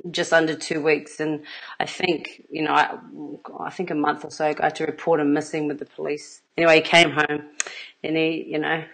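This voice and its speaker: A woman's voice: deep voice, a bit bright, low-quality recording. A middle-aged woman, an intimacy coach telling stories in a casual livestream, earnest and rambling, with plenty of fillers and laughs between her thoughts.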